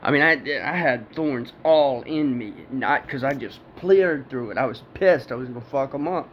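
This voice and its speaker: A man's voice: medium pitch, moderate pace. A man telling a personal story in a rambling, profane way, often laughing. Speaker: storyteller recounting a personal encounter. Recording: dull lo-fi with faint background noise.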